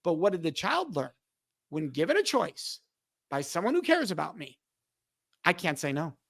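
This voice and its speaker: A man's voice: fairly high pitch, wildly swooping pitch, normal speed, vocal fry, fairly bright tone, dry recording. A middle-aged man and podcast guest, explaining emphatically and acting out quoted dialogue in conversation. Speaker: podcast guest, speaker on respect.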